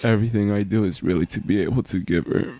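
A young man co-hosting a casual podcast, speaking softly and hesitantly with many fillers. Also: lowish voice, fast, husky, no room sound. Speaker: podcast co-host.

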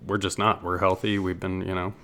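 A man from the United States with a very deep, low voice co-hosts a podcast. He talks in an easygoing, rambling way, often pausing on fillers. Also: little pitch movement, pushed and bright, slight background noise. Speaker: podcast co-host. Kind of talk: casual chat.

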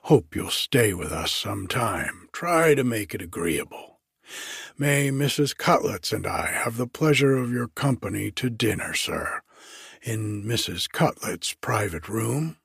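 A man voicing an obsequious, chatty male prison cook who keeps saying "sir" in folksy speech, in a slow, husky storybook reading. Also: fairly low pitch, expressive, a bit bright, dry recording, clean studio sound, exaggerated voice.

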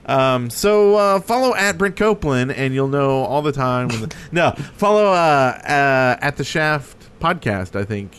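A man's voice: mid-range voice, expressive, unhurried, few pauses, fairly bright tone, clean tone. A man hosting a podcast in casual chat, joking around and reading out listener messages. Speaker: podcast host.

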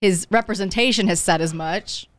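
A woman's voice: medium pitch, normal speed, no echo. A woman co-hosting a radio show, chiming in with short, matter-of-fact remarks in casual banter.

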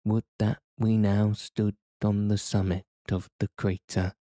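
A man's voice: on the low side, flat delivery, unhurried, warm tone, dry recording, studio quality, natural voice. A man voicing a weary young explorer pleading to turn back.

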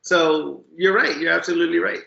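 A man's voice: fairly high pitch, fairly quick, gravelly, bright, forceful tone, roomy sound, highs cut off. A man co-hosting an interview, chiming in with upbeat, encouraging remarks. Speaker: co-host. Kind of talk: casual interview chat.

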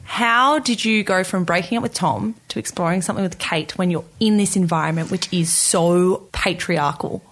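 A woman hosting an interview, asking measured, probing questions and narrating between answers. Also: lowish voice.

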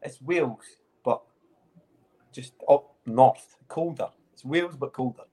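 A man's voice: medium pitch, crowd noise. A Scottish man, a podcast host, bantering and joking in casual chat. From Scotland. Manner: joking, banter-heavy, drawn-out mock sighs.

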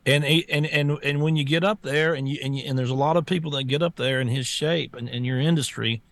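A man co-hosting a talk show, speaking haltingly with many stammered restarts. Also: fairly high pitch, fairly even intonation. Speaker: co-host. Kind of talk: casual talk show chat.

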